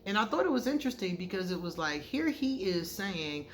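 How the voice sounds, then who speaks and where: A woman tarot card reader talks to her viewers in a frank, conversational vlog monologue, animatedly telling stories and acting out the quoted dialogue. Her voice is medium in pitch and fairly quick. There is a little hiss or hum on the recording.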